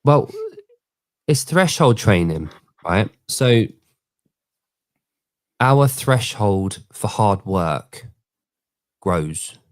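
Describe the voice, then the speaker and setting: A man in his forties from Britain, hosting a casual podcast chat and telling stories with lively energy. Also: lowish voice, very slow, pauses often, no echo, studio quality. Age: 40s. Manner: animated storyteller, mimics people in quoted voices. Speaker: podcast host.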